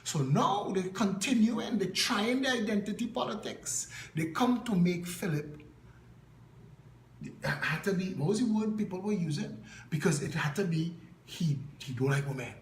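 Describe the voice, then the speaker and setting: A man's voice: high voice, lively intonation, normal speed, roomy sound, slight background noise, low-quality recording. A Trinidadian man giving an impassioned political address, telling stories with punchy repetition. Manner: emphatic storytelling, punchy repetition. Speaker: political party leader.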